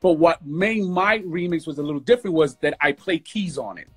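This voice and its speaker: Fast-talking husky man telling stories. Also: a little high, lively intonation. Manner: fast, emotional storytelling with lots of "bro". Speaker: guest music producer. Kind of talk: casual storytelling interview. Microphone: phone on a livestream.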